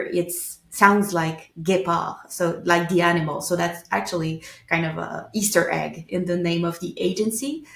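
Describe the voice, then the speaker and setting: Quebec french lady on a podcast, low gravelly voice, echoey room. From Quebec, Canada. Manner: thoughtful, explains with restarts. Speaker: guest, agency owner. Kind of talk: podcast interview. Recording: roomy echo.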